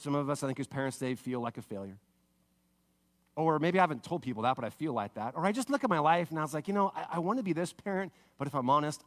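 A man delivering a sermon in a fairly high voice. He acts out the people in his stories with big swings in pitch, then drops low and quiet to press a point home. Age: adult parent. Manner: animated storytelling, acting out characters with big pitch swings; drops to soft, low intimate tone for emphasis. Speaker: pastor.

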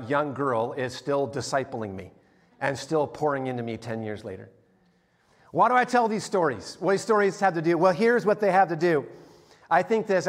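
A middle-aged male pastor preaching a sermon and telling personal stories, growing animated as he acts out scenes. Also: a little high. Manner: storytelling, animated when acting out scenes. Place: church sanctuary. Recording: long hall reverb.

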